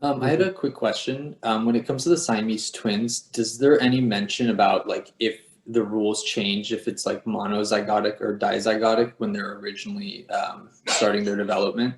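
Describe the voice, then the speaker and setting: A man's voice: fairly low pitch, steady tone, normal speed, few pauses, echoey room. A man asking the lecturer a question, hesitant and full of fillers.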